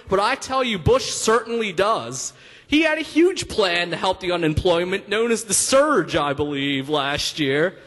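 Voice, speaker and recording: High-voiced young man doing stand-up. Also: a bit bright. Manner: rambling, laughs at own jokes, filler-heavy. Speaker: stand-up comic. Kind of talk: stand-up comedy set. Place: stage in a hall. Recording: long hall reverb.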